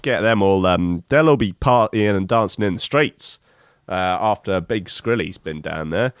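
A man's voice: on the low side, moderate pace, no room sound. A man in his fifties reading odd news stories and adding wry, rambling comic asides, with many fillers. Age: 50s. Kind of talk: casual comic news commentary.

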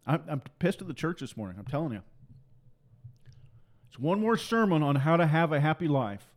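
A man's voice: a little high, animated, normal speed. Fiery, mocking preacher man. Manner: forceful, repetitive, mocking rhetorical questions. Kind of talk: fiery political sermon.

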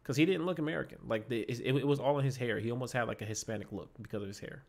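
A man co-hosting a podcast, chatting casually about a film, excitable and often repeating words as he goes. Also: medium pitch, racing, creaky. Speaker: podcast co-host. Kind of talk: casual movie review chat. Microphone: podcast microphone.

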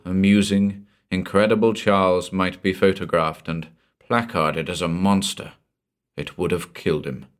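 Man, very low voice, audiobook narration, measured and deliberate. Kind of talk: scripted narration of a short story.

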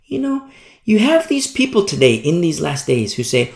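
A man's voice: a little high, wildly swooping pitch, normal speed, gravelly, a little mellow. A man preaching a sermon as a pastor, emphatic and repetitive, often asking his listeners "you see?". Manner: emphatic preaching, repeats key words, asks "you see?". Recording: roomy echo.

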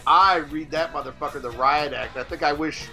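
A man with a somewhat high, sharp, tense voice co-hosts a casual podcast. He talks excitably, stumbling over restarts and swearing freely. Faint music plays behind him. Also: normal speed. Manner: excitable, stammering restarts, profane. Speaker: podcast co-host. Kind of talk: casual chat.

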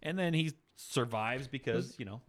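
A man co-hosting a casual movie podcast, animated, laughing often and restarting his sentences. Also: medium pitch, moderate pace. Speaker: podcast co-host.

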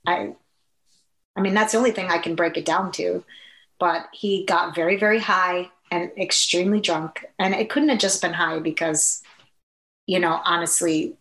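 A woman with a fairly low voice recounts a painful personal experience, pausing often and restarting her sentences. The recording has an echoey, roomy sound around her. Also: steady tone, fairly bright tone. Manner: halting, many fillers and restarts. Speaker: guest telling a personal story. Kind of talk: personal testimony, conversational. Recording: echoey room.

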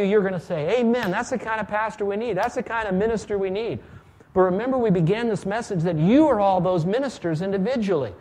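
A pastor preaching a sermon in a church, emphatic, shifting between loud bursts and quiet asides as he leads listeners through a passage. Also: high-pitched.

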